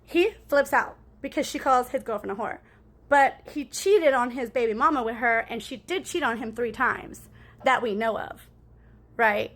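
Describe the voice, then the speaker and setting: A woman's voice: a little high, moderate pace, fairly bright tone. A woman in a casual storytime monologue, rambling and cussing as she talks to her viewers and keeps asking "right?".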